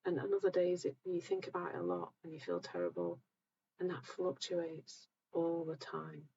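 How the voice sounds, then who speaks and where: A calm, gentle woman hosting a live session, talking reassuringly to viewers while sounding a bit tired. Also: sits low, moderate pace, gravelly, lo-fi sound, slight background noise. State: tired, low energy. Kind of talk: live-stream talk answering viewer comments.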